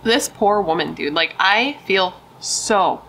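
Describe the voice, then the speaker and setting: A woman's voice: medium pitch, slow, vocal fry, a bit bright, slight background noise, low-quality recording. A young woman casually telling a true crime story, emphatic and chatty, swearing and saying dude and like.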